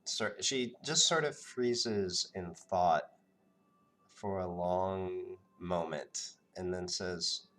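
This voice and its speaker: A man narrating as game master of a tabletop game, halting and restarting as he goes. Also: low voice, fairly bright tone.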